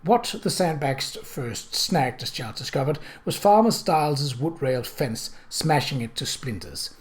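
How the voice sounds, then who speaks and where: A man's voice: mid-range voice, a little slow. A man narrating a mystery novel chapter as an audiobook reader, voicing the characters himself. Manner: steady storytelling, puts on voices for characters.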